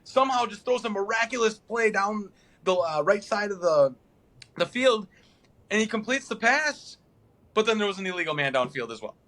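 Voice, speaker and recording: A young man co-hosting a casual sports podcast, talking in animated, rambling runs. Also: sits high, normal speed. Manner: animated, rambling, mimics players in a flat mumble. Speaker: podcast co-host.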